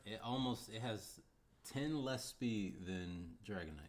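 A man's voice: lowish voice, a little slow. A young man co-hosting a podcast in loose, laid-back chat, laughing often and swearing freely. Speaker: podcast co-host. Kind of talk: casual chat.

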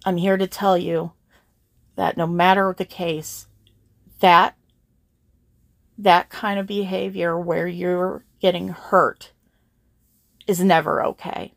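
A woman's voice: on the low side, flat delivery, slow, gravelly, pauses often, no echo, clean studio sound. A young adult woman hosting her channel, talking to her viewers in a heartfelt, earnest way, emotional and holding back tears. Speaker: channel host. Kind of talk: heartfelt personal talk to viewers.

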